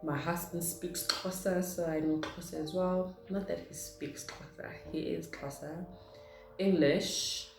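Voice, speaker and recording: A woman's voice: lowish voice, steady tone, unhurried, gravelly. Chatty woman, echoey room. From South Africa. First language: Zulu. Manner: chatty, rambling, reads questions aloud then answers. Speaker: vlogger. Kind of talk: casual get-to-know-me Q&A. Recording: echoey room with faint music.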